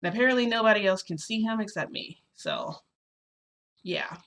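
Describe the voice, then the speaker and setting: Young woman, storytime vlogger: bright tone, chatty and loose, lots of "like," addresses viewers directly. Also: mid-range voice, animated, moderate pace. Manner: chatty, peppered with "like" and "you know"; talks straight to viewers. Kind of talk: casual first-person storytelling.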